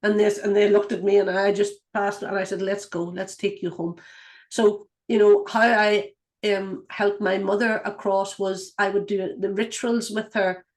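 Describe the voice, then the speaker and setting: A woman's voice: medium pitch, flat delivery, normal speed. A woman speaks as a spiritual guide, telling stories in an earnest, meandering way. She stops and restarts often and reaches for her words as she goes. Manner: earnest, rambling, many restarts and fillers. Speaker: intuitive guide and clairvoyant. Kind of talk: casual spoken teaching, storytelling.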